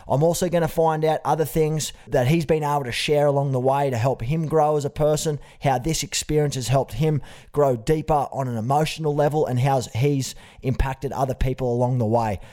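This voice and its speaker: A man's voice: medium pitch, steady tone, a little fast, dark tone. Australian man hosting a podcast. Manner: friendly, matey, uses "mate" often. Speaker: podcast host. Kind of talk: podcast interview.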